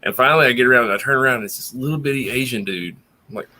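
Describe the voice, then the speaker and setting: A man's voice: mid-range voice, rapid-fire, sharp tone. A man chatting casually on a late-night stream, telling anecdotes with plenty of swearing. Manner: profane, anecdotal.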